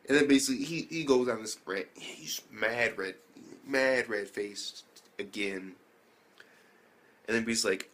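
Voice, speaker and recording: A man's voice: fairly low pitch, moderate pace, fairly bright tone, breathy edge. A young man casually recapping an anime episode, rambling with slang, swearing and many fillers. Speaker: anime reviewer.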